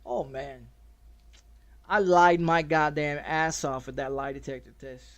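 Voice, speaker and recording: Male game streamer, higher voice, rambling and profane, casual storyteller. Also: a little slow, fairly bright tone. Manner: profane and rambling, with many restarts.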